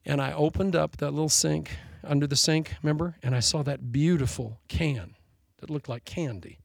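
A man preaching a sermon as pastor, telling a story with animated delivery and laughing at his own jokes. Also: fairly high pitch, normal speed, creaky, dry recording, clean studio sound.

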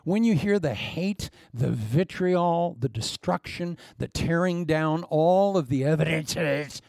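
A man preaching a sermon, animated and humorous, acting out the voices of the people he quotes. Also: fairly high pitch, measured pace, gravelly, no room sound, clean studio sound. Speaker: pastor.

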